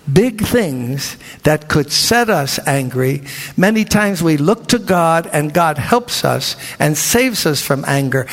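Animated preacher in a big echoing hall. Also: male voice, a little high. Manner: animated, acts out voices of biblical figures. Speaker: pastor. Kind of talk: sermon. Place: large church hall. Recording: reverberant church hall.

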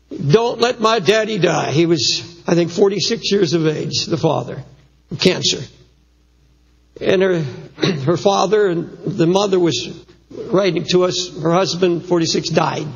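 A man's voice: sits high, husky. A man preaching a sermon as pastor, speaking earnestly with frequent restarts. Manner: earnest preaching with repeated restarts, quoting letters. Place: large church auditorium. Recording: dull, long-reverb church hall recording.

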